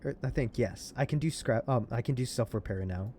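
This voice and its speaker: A man playing a story game, reading its text aloud and breaking into excited comments and laughs. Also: mid-range voice, brisk, slight background noise. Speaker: let's play gamer.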